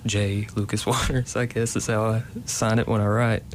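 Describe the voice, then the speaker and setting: A man in his late twenties from Kentucky, talking casually as a playwright guest. His voice sits low, and he keeps pausing and restarting his sentences. Faint noise runs in the background. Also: flat delivery. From Kentucky, USA. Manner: hesitant, many ums and restarts. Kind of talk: casual interview.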